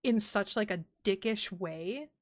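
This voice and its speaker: A woman from the Southern US co-hosts a casual podcast chat at a middle pitch. She tells long, rambling stories and fills them with "like". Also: a little slow. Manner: chatty storyteller, heavy use of "like". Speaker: podcast co-host.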